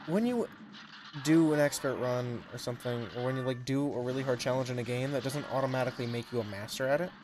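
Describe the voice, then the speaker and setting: A man's voice: medium pitch, fast, music in the background. Rambling man streaming a game. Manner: rambling, self-deprecating, laughs often. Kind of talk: casual live-stream commentary.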